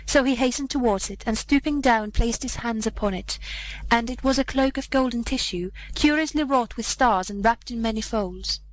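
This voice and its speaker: Gentle woman reading an old fairy tale. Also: a little high, rough recording. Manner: measured, gentle storytelling with character voices. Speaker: narrator. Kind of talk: storybook reading.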